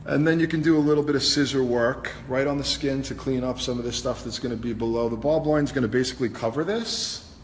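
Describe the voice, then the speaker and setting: A fast-talking man with a medium-pitched voice, a hairstylist and host, chats through a live haircut demonstration, explaining each step as he cuts. The recording comes from a hair salon studio, echoey with long reverb and faint ambience.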